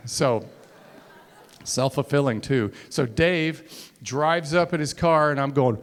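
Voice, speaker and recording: With a voice on the high side and an unhurried delivery, a man stands on stage telling a college crowd a story that pokes fun at himself. He acts out the lines of dialogue as he goes.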